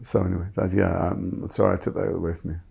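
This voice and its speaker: A man's voice: deep voice, flat delivery, fast, creaky, noisy background. A middle-aged man, a guest actor talking reflectively and self-deprecatingly, often restarting his sentences. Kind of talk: reflective interview talk.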